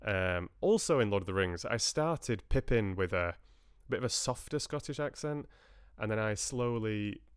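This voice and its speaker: A livestream host and audiobook reader talks casually with his live viewers, chatty and rambling, hopping between thoughts and restarting sentences often. His voice is low, smooth and clear. The recording is close and dry, with no room sound.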